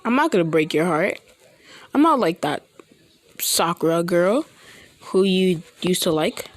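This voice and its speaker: A woman voicing an eager young goddess girl, in an earnest tone a little higher than her narration. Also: lively intonation, measured pace.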